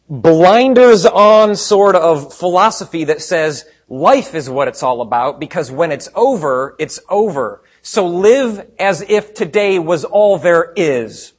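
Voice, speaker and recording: A man preaching a sermon to a room of listeners, paraphrasing scripture with animated sarcasm and swinging between quiet and loud. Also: high voice. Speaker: pastor. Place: room with congregation.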